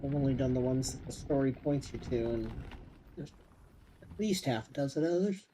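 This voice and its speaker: A man's voice: medium pitch, normal speed, slight background noise. Give me a man musing over his gameplay. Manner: thinking aloud, relaxed and rambling. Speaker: gamer streamer. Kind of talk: casual gameplay commentary.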